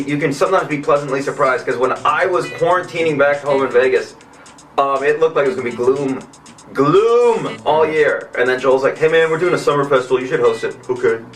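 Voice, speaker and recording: A man's voice: a little high, a bit bright, distant mic. A male comedian and show host talking candidly and in a laid-back way in an interview, swearing now and then. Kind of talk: casual interview.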